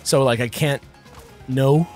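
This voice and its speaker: A man's voice: medium pitch, takes it slowly, darkish tone, faint music behind. Sarcastic, cursing gamer guy. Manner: profane, exasperated and sarcastic. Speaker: let's play co-host, playing the game. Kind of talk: casual gameplay commentary.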